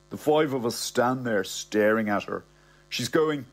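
A man's voice: medium pitch, animated, unhurried. A middle-aged man with a Dublin Irish accent narrating a comic audiobook in a cocky, slangy style.

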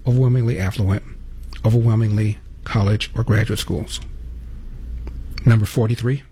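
A man's voice: on the low side, steady tone, normal speed, mellow, a little hiss or hum. A man hosting a political commentary monologue, with pointed rhetorical questions. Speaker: commentary host.

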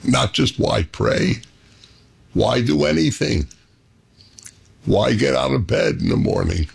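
A man hosting a radio talk show, speaking in a thoughtful, measured and candid way. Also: medium pitch, lively intonation, gravelly, breathy edge. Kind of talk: reflective call-in show monologue.

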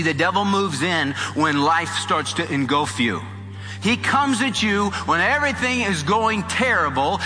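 A male pastor preaching with a bright, forceful voice set fairly high for a man. He tells a story animatedly and drives his points home through repetition. The sound rings with long reverb from a large hall, and soft music plays underneath. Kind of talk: sermon.

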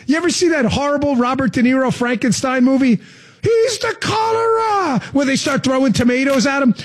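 Talk host, male, high-pitched, sarcastic and animated. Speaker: political talk show host. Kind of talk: sarcastic political commentary.

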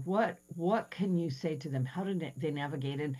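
A woman's voice: sits low, normal speed, darkish tone, slightly rough, rough recording. A woman hosting a podcast who asks a guest long, rambling questions with plenty of enthusiasm. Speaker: podcast host. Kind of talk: interviewing a guest. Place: Seattle.

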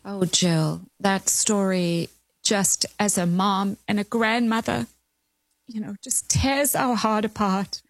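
A woman's voice: mid-range voice, fairly even intonation, slow, no echo. A woman, a mother and grandmother, hosting an interview and responding sympathetically. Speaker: host.

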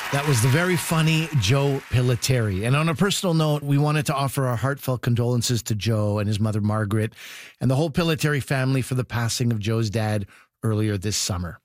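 A man hosting a radio comedy show, giving a measured, sincere sign-off. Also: medium pitch, no echo, some chatter behind.

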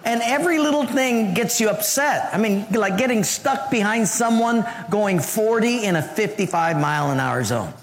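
A man preaching a humorous, story-driven sermon, dropping his voice low for emphasis. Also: animated, moderate pace, few pauses. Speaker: pastor. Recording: long hall reverb.

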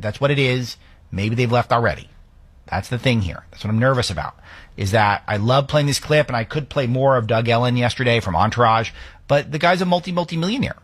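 A man's voice: mid-range voice, fairly bright tone, slightly rough, no room sound. A middle-aged man hosting talk radio, giving opinionated, conversational political commentary.

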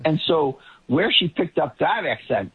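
A man's voice: fairly high pitch, big pitch swings, unhurried, breathy edge. A man commenting as a guest on a political talk show, rambling and often restarting his sentences. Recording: tinny phone line.

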